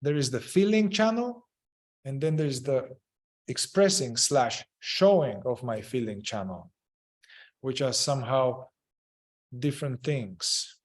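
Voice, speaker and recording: A man's voice: medium pitch, animated. Man explaining a therapy method. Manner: halting, searching for words, repeats phrases. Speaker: group facilitator.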